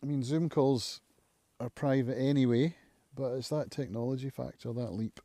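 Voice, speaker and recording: Mellow-voiced man musing aloud. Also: medium pitch, steady tone, no room sound. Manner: reflective, musing, thinks aloud with pauses. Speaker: channel host, recovering alcoholic. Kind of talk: casual live-stream monologue.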